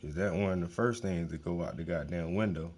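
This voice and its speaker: A man's voice: sits low, brisk, darkish tone, husky. A man hosting his own show, talking in a casual monologue, blunt and heavily profane, often repeating words for emphasis. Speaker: host.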